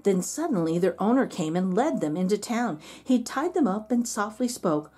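A woman, a kindergarten teacher, reading a story aloud in an expressive, sing-song storytime manner. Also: mid-range voice, moderate pace, slightly rough.

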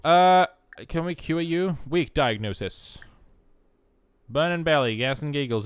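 A man's voice: medium pitch, animated, unhurried, clean tone, no room sound. A man giving rambling, self-mocking let's play commentary alone in his room, full of jokey asides. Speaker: gaming commentator.

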